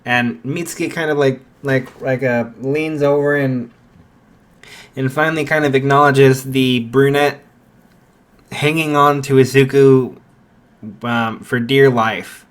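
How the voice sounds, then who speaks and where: A man narrating an improvised fan story, halting and full of fillers. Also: medium pitch, steady tone, a bit bright. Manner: halting, many fillers and restarts.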